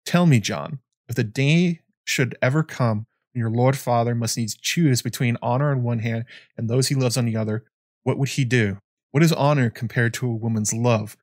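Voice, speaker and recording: A man's voice: medium pitch, normal speed, darkish tone, no room sound, studio quality, lightly acted. A man reading aloud as an ancient, blind, weary male scholar, solemn and reflective. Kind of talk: reading a novel passage aloud.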